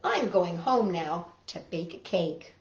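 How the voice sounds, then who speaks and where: A woman voicing a childlike, cookie-loving male toad in a children's story, in a higher, drawn-out, plaintive voice. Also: very animated, creaky, roomy sound, highs cut off, full character voice. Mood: pleading.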